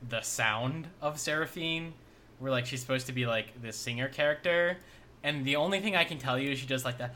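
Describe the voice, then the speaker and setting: A man with a bright, forward voice co-hosts a casual gaming podcast. He rambles through his points in a loose way and fills his sentences with "like". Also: mid-range voice, brisk, slight background noise. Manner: rambling, heavy use of "like". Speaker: podcast co-host.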